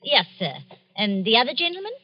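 A woman playing a chatty, excitable shopkeeper in a vintage radio drama. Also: on the high side, a little fast, slight background noise. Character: chatty older female shopkeeper, easily frightened. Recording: dull lo-fi old radio recording.

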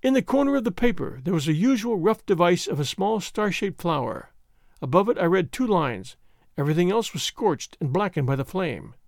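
A man voicing a proud, strained noblewoman who speaks in an even, mechanical tone. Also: high voice, brisk, no room sound, clean studio sound. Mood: flat, mechanical. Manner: even, mechanical, quiet delivery.

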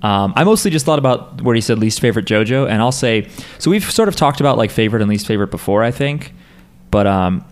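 Here a podcast host with a fairly low voice talks fast and animatedly, barely pausing. The chat is casual and meandering, littered with fillers and false starts.

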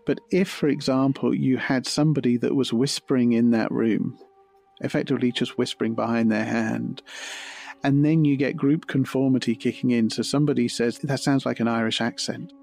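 A man giving a measured, analytical explanation as a forensic psychology expert. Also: mid-range voice, steady tone, vocal fry, darkish tone, faint music behind.

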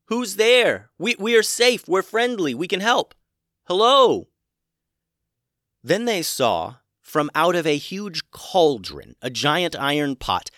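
A man hosting a children's podcast and narrating a storybook in a gentle, measured way. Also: medium pitch, no room sound, studio quality.

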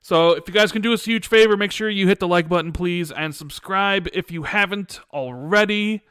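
A man's voice: high voice, moderate pace, a bit bright, clear, resonant tone, no room sound, studio quality. A man hosting a podcast, chatty and upbeat, often repeating himself. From Chicago area, USA. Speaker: podcast host. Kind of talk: casual chat.

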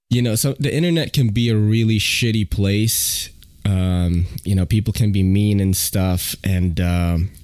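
A man's voice: low-pitched, darkish tone, no echo, studio quality. A man hosting a podcast in casual, rambling chat, often laughing and using many fillers. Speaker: podcast host.

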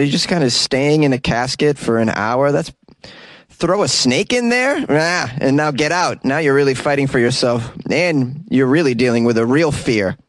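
A man hosting a comedic news commentary, reacting sarcastically to stories and tossing in jokes and quick asides. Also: mid-range voice, dry recording. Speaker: host.

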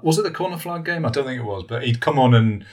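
A man's voice: mid-range voice, lively intonation, quick pace. A male football journalist chatting as a podcast guest. He tells anecdotes and gives the quoted people their own lines. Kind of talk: casual football podcast chat.

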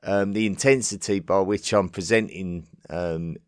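An English man hosting a podcast, answering listener messages in a casual, halting way with frequent ums and restarts. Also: low voice, fairly even intonation, clean tone, no echo, studio quality. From England. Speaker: podcast host. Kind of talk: casual listener-mail segment.

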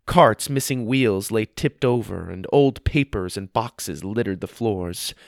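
A man narrates a children's adventure story with expressive, lively delivery. His pitch moves up and down a great deal. The sound is dry and close to the mic. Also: no room sound.

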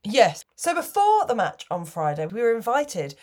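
Woman, podcast co-host, casual chat, wry, a bit high-pitched. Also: huge pitch swings, moderate pace, darkish tone. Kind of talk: casual chat about football.

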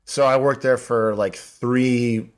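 A man in his forties spins a rambling, animated anecdote in his middle-pitched voice. He leans on "like" as he goes, chatting as a podcast guest. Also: slow pace. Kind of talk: casual storytelling.

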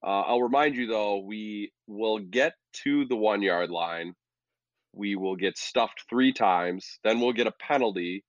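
Podcast co-host, male, low voice, rambling and self-deprecating, dry muffled recording. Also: unhurried, no room sound. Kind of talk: casual sports chat. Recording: dull lo-fi dry audio.

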